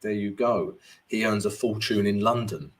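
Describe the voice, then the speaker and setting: A forex trading coach with a fairly low voice speaks at a moderate pace in a casual live-stream chat. He greets everyone upbeat, reads out viewer comments, and answers them while going over charts.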